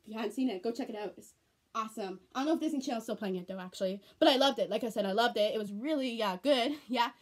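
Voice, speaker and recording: Her voice is a little high and racing as this teenage girl rambles through a home vlog, repeating herself earnestly. She sounds tearful, almost crying, though the chat stays casual.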